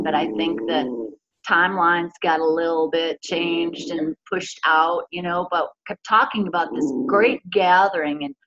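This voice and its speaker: A woman's voice: lowish voice, a bit bright. Earnest rambling woman, lo-fi audio. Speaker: co-host. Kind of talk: casual spiritual chat. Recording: dull lo-fi audio with faint noise.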